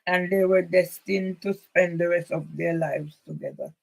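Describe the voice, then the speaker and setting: Gravelly-voiced Jamaican woman, rambling. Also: on the low side, fairly even intonation, moderate pace, darkish tone, rough recording. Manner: rambling and emphatic, drifting into Jamaican patois. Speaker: channel host. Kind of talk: personal monologue vlog.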